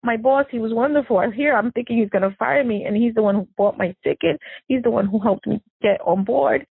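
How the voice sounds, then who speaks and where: A woman tells her story in a halting, distressed way, stopping and restarting often. Her voice is gravelly and husky. It comes through a narrow, dry, phone-like line. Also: on the high side, no echo. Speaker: victim's sister recounting events. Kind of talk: emotional personal interview.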